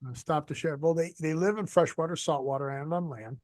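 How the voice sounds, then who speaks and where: Rambling, deadpan man on a video call. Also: on the high side, a little fast, dry recording, clean studio sound. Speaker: podcast co-host. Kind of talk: casual chat on a video call.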